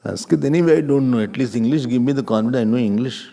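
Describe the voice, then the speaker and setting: A man's voice: medium pitch, fast talker, gravelly, mellow. A man with an Indian accent teaching a scripture class in a playful, teasing way. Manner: playful, teasing, mixes in Hindi and Sanskrit terms. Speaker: Vedanta teacher.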